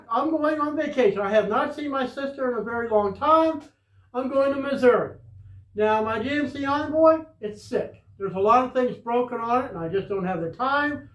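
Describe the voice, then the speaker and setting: A man's voice: very high voice, recorded from a distance. A man doing a casual, rambling tool demo with lots of fillers and restarts. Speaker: tool reviewer. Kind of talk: casual product demo vlog. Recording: roomy, dull sound from away from the mic.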